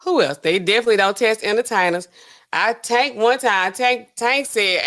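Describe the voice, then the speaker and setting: A woman's voice: fairly high pitch, animated, moderate pace, bright, forceful tone. A woman hosting a live stream in a loose, slangy, rambling chat, laughing often and talking straight to her viewers.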